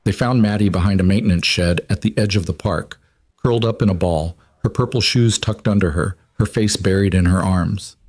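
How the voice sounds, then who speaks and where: A man giving scripted narration of a story in an even, measured way. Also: low voice, no room sound, clean studio sound.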